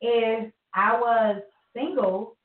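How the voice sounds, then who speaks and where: A woman's voice: a little high, steady tone, drawn-out words, echoey room, far from the mic, phone-quality sound. A woman co-hosting a podcast, telling stories in a blunt, candid and profane casual chat. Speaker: podcast co-host.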